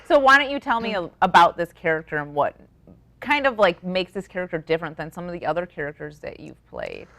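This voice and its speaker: A woman interviewer with a slightly low voice asks her guests short, friendly questions in a studio setting. She keeps the conversation moving with brief prompts. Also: very animated, fairly quick, fairly bright tone. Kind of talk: local TV interview.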